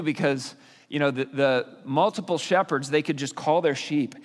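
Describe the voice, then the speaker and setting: A man teaching a sermon in a conversational way, explaining with fillers and restarts. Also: on the high side. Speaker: pastor. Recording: long reverb of a hall.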